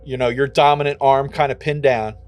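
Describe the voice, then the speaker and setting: A man narrating a tabletop game as game master, in a relaxed way with frequent fillers. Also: medium pitch, a little fast.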